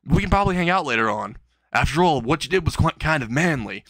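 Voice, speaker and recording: A man's voice: fairly high pitch, lively intonation, quick pace, fairly bright tone, no room sound. A man voicing a friendly, easygoing tough teenage boy in an amateur storytelling video.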